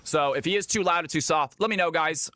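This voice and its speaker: A man's voice: a little high, brisk, bright, forceful tone, no echo. A man from Georgia in the US, hosting a live stream and calling custom games with a hyped announcer delivery. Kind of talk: live game commentary.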